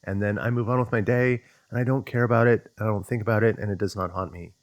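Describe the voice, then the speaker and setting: A man's voice: lowish voice, steady tone, quick pace, no echo, studio quality. A man speaking in a thoughtful, conversational way as he teaches self-development, working through questions aloud. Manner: acts out inner voices in quotes. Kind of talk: reflective explanatory monologue.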